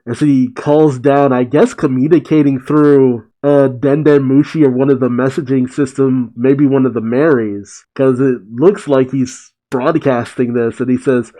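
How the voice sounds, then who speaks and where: A man's voice: medium pitch, fairly even intonation, moderate pace, warm tone, poor audio. A man casually recapping a comic chapter as a reaction host, swearing and reacting with feeling. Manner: casual, swears, emotional asides.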